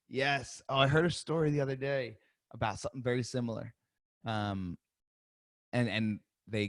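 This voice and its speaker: A man hosting a live sales-coaching webinar. He talks in a lively, chatty way, laughs often and acts out sample phone calls and voicemails. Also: mid-range voice, no room sound, clean studio sound.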